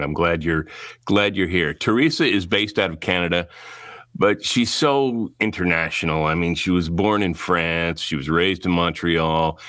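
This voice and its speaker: A man's voice: low-pitched, fairly bright tone, no room sound, clean studio sound. A man hosting a podcast interview, chatty and rambling with a self-mocking humor. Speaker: podcast host. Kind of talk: casual interview chat.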